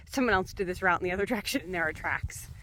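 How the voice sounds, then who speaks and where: A woman's voice: fairly low pitch, fairly quick, a bit bright, rough recording. Woman narrating her own ski trip to camera, casual and chatty with frequent laughs, winded, faint outdoor wind noise behind her. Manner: chatty and upbeat, laughing often, many fillers. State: out of breath from skiing. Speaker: solo backcountry skier filming herself. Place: outdoors on a snowy mountain trail.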